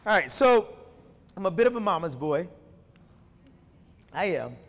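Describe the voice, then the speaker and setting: A man performing slam poetry before an audience, rhythmic, with emphatic rises between relaxed, joking asides. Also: sits high, measured pace, a faint crowd. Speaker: performance poet. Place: university hall before an audience. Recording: long hall reverb from a live stage.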